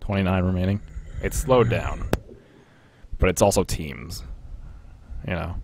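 Deep-voiced young man streaming, laughing often. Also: unhurried, gravelly, background noise. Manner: chatty, laughs often, rambling with restarts. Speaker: streamer playing a battle royale game. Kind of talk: casual live-stream commentary.

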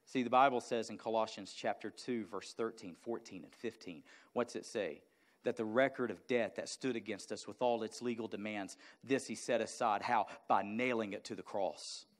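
A male pastor preaching a sermon, moving from a quiet personal story into loud, fervent exhortation to the congregation. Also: lowish voice, moderate pace. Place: church sanctuary.

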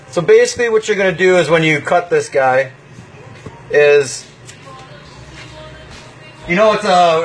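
A man hosting a casual home cooking livestream from his kitchen, laid-back and chatty, walking through each step with lots of pauses and fillers. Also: a little high, fairly bright tone, rough recording.

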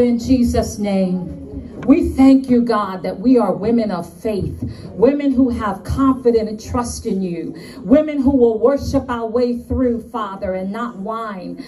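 A woman's voice: fairly high pitch, dark tone, distant mic. Fervent woman preacher with New York accent. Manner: fervent, repetitive emphatic lists. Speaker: conference speaker. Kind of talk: preaching and prayer. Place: conference hall.

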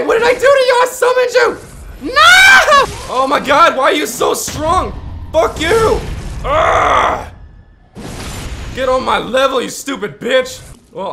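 A man doing let's play commentary on a video game, loud and profane, with screaming reactions and mock-heroic asides. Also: sits high, gravelly, a little hiss or hum. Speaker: gaming YouTuber.

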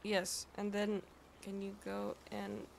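A woman's voice: mid-range voice, monotone, slow, vocal fry, slight background noise. A woman streaming a game live, chatting casually, swearing freely and talking back to the game and her chat.

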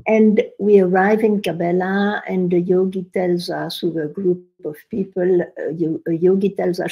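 Older woman, low gravelly voice with a husky edge, telling a story on a podcast. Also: normal speed, hardly any pauses, low-quality recording. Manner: animated storyteller, quotes others with rising emphasis. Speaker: podcast guest. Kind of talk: storytelling in conversation.

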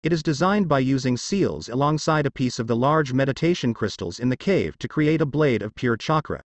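A man's voice: medium pitch, animated, fairly quick, no room sound, natural voice. A man voicing an earnest young male ninja clan heir in a plain, matter-of-fact storybook reading.

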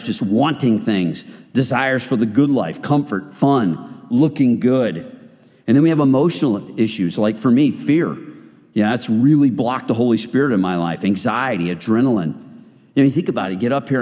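A man giving an animated, conversational sermon-style talk to a men's group, acting out quotes as he goes. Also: mid-range voice. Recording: reverberant hall.

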